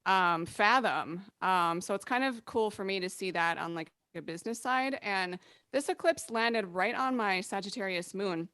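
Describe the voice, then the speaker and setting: A woman astrologer chatting casually on a podcast, laughing often and acting out quick quoted remarks from clients. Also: mid-range voice, fairly bright tone, smooth, no echo, clean studio sound.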